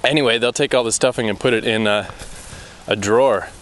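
Out on a forest path, this podcast host talks in a brisk, mid-range, somewhat bright voice, rambling and cursing out of frustration as he goes. The audio comes from a battery-powered portable microphone.

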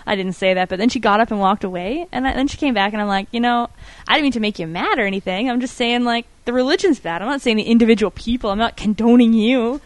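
A young woman with a slightly high voice chats bluntly and giggles through her stories. The sound is dry and close, with no room around her. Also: fast, no echo. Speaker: podcast co-host. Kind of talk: casual chat.

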